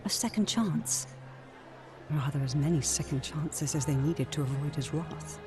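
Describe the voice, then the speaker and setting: A woman voicing a gracious former goddess in a video game, speaking in a measured, formal way with a mysterious softness. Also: deep voice, close to an everyday voice. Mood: warm. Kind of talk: game voice acting. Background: game music.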